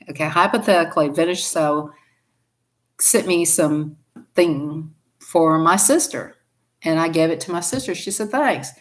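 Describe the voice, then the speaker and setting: Folksy Southern woman, low voice. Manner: folksy, chatty, laughs often. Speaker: live streamer. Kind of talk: casual live-stream chat.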